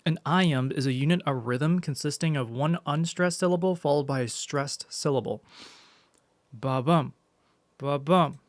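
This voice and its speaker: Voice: mid-range voice, moderate pace, few pauses, no echo. A streamer chatting casually on a live stream, musing aloud, reacting to viewers and reading along with what is shown.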